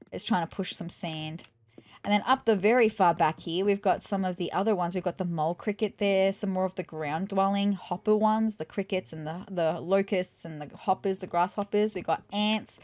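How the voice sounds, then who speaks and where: A woman's voice: lowish voice, a little mellow. A woman casually commenting as she plays a life-sim game, chatty and a bit squeamish, thinking aloud as she explores. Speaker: gaming YouTuber. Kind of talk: casual let's play commentary.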